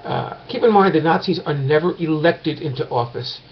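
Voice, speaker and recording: A man's voice: a little high, normal speed, highs cut off, slight background noise. A man teaching a course in a casual recorded lecture, talking late at night at home and rambling with many fillers and restarts.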